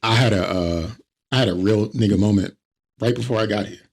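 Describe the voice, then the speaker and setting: A man co-hosting a comedy podcast, telling stories in an animated way and mimicking the people in them. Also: fairly low pitch, brisk, vocal fry, a little hiss or hum. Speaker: podcast co-host. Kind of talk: casual comedic chat.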